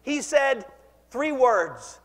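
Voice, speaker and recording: A man preaches a sermon, his voice sitting high for a man. He speaks with impassioned conviction and leads the congregation in call-and-response. His words ring through a reverberant church hall. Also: very animated, very slow, fairly bright tone. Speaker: pastor.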